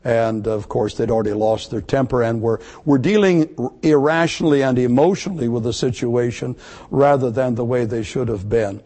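A man preaching a sermon to his congregation, emphatic, repeating key words and slowing down to stress them. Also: medium pitch, dark tone. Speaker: pastor.

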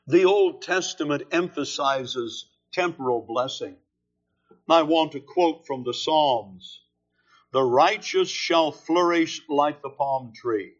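Slow, deliberate male preacher. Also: on the high side, a bit bright. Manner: slow, deliberate, emphatic phrasing. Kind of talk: expository sermon. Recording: dull lo-fi sermon recording.

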